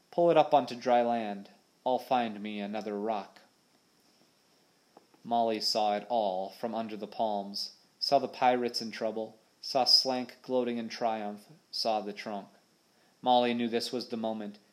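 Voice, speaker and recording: A man reading an adventure audiobook aloud in a dramatic, vivid storytelling manner. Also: mid-range voice. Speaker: audiobook narrator. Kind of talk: scripted narration.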